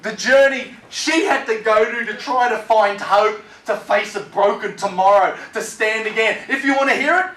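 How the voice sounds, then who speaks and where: A man giving a personal testimony as a guest speaker, dramatic storytelling that swings between hushed and loud. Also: high-pitched, moderate pace, hardly any pauses. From Australia. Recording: echoey, noisy room, distant mic.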